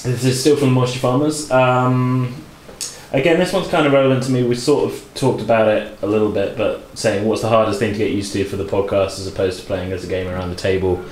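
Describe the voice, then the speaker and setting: A man's voice: lowish voice, steady tone, brisk, darkish tone, reverberant, slight background noise, low-quality recording. A man hosting a casual podcast chat as game master, talking loosely with many fillers. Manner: loose, filler-heavy talk.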